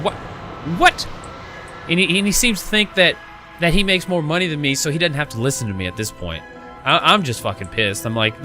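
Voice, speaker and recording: A man's voice: lowish voice, sharp tone. A man streaming a game, telling a work story in an exasperated, profane rant. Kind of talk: casual storytelling while gaming.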